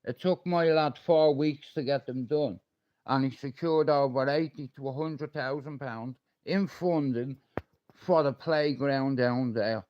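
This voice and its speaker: A man's voice: medium pitch, unhurried, highs cut off. A middle-aged man, ranting and swearing on a livestream. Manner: confrontational, swearing, threatening.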